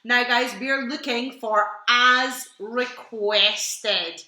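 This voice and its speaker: Slow, bright British woman co-hosting. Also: fairly high pitch, steady tone, reverberant. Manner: teasing, joking, swears casually. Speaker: quiz co-host. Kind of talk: live online quiz hosting. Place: home room. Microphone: home computer mic.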